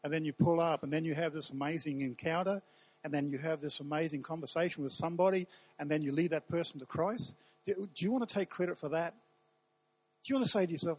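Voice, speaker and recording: A man's voice: on the high side, quick pace, darkish tone, slightly rough, poor audio. A man preaching as a pastor at a church service, emphatic, putting questions to the congregation. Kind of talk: sermon.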